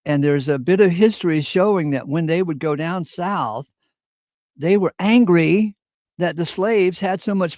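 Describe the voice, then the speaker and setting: Gravelly man, opinionated. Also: a little high, darkish tone, dry recording, clean studio sound. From Virginia. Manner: opinionated storyteller, clears throat often. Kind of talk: casual chat.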